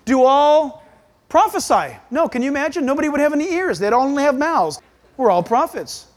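A man preaches a sermon with great energy and emphasis. His voice swings widely in pitch as he drives his points home. Now and then he acts out the voices he quotes. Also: animated, moderate pace. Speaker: pastor.

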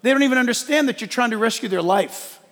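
High-voiced preacher man, long reverb. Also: quick pace. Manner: animated preaching with jokes and acted-out quotes. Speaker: pastor. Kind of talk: sermon. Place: church.

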